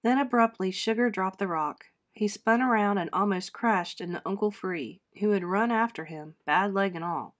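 A woman teacher reading a children's storybook aloud, expressive, lifting her voice for the characters' lines and dropping it softly for narration. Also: moderate pace, few pauses. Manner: expressive, voices characters with pitch lifts and soft drops.

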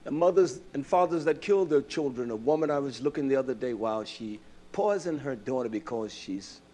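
A man preaching a sermon in a conversational way, swinging from hushed asides to loud bursts and asking his listeners questions he answers himself. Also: medium pitch, lively intonation, fairly quick. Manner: asks the congregation questions and answers them himself.

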